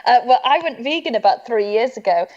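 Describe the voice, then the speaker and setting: A woman's voice: a little high, expressive, a little fast, a little mellow, muffled recording. A woman telling self-deprecating stories in casual chat over a video call, with lots of fillers. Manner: self-deprecating storytelling, chatty, many fillers. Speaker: comedian guest.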